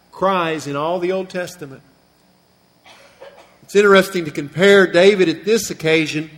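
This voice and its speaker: A man preaching a sermon, retelling a scripture story with earnest feeling and slowing down and softening on the sad passages. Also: high-pitched. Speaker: pastor. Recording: long reverb of a large hall.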